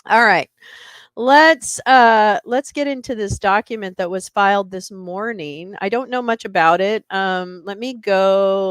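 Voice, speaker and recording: Woman, livestream host, casual chat, laughs a lot, lively pitch, dry sound. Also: normal speed, dry recording. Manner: animated, laughs often, reacts to viewers.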